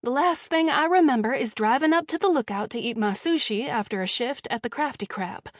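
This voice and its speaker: A woman's voice: a little high, animated, brisk, no echo, clean studio sound, lightly acted. A woman voicing a brash, sarcastic young woman who swears freely, as audiobook dialogue. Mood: demanding. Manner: sarcastic, foul-mouthed.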